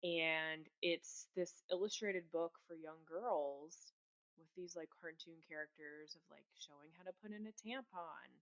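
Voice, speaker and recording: A woman's voice: sits low, measured pace, a bit bright. A woman calling in to a podcast, frankly telling a personal story over lo-fi audio. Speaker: caller.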